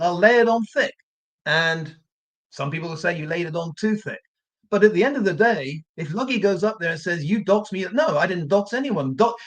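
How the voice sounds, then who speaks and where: A man's voice: high voice, fairly bright tone. A man hosting a live true crime stream, ranting in a combative, indignant way and often repeating himself. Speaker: true crime channel host.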